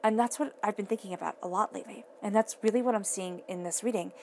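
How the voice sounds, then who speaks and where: A woman with a mid-range, gravelly, slightly mellow voice talks quickly over a faint hiss or hum. She's a tarot reader giving the listener a casual reading, speaking directly to them in an earnest, emphatic way and often restating her phrases.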